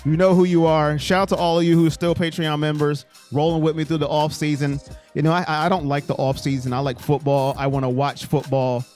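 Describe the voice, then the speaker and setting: A man's voice: fairly high pitch, level tone, fairly quick, a little mellow, soft background music. A man hosting a casual live stream, talking through viewer chat in a rambling, talkative way.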